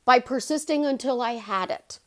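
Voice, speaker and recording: A woman life coach talking casually to her channel viewers, animated and chatty, leaping up in pitch for emphasis. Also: normal speed. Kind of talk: casual vlog monologue.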